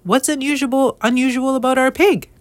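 Woman reading a skeptical, sharp farmer's wife. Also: medium pitch, very animated, moderate pace, dry recording, lightly acted. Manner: skeptical, bewildered.

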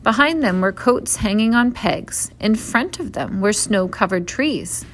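A woman reading a children's novel aloud in a steady, clear storytelling voice. She sits at an ordinary middle pitch for a woman. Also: measured pace, slight background noise. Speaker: narrator.

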